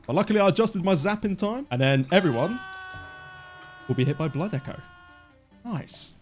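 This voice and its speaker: A man in his twenties giving live, excitable commentary on his own gameplay as a streamer. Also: high-pitched, normal speed, faint music behind. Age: 20s. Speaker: gaming streamer.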